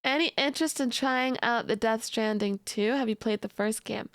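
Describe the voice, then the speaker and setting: Young woman streamer, high and unhurried, giggly and teasing, dry close sound. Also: creaky, a bit bright, dry recording. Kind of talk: casual live-stream chat.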